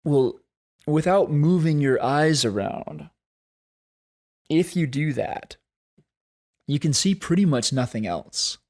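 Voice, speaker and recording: A man hosting a solo podcast, talking in an earnest, thoughtful way and slowing down to stress key points. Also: fairly high pitch, animated, darkish tone. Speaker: podcast host. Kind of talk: reflective solo podcast talk.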